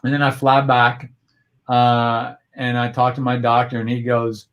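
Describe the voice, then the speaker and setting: A man's voice: mid-range voice, completely flat delivery, a little slow, muffled recording. Earnest man telling a personal story. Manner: earnest and reflective, with frequent restarts. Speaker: guest. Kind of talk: personal storytelling in a video-call interview. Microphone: video call.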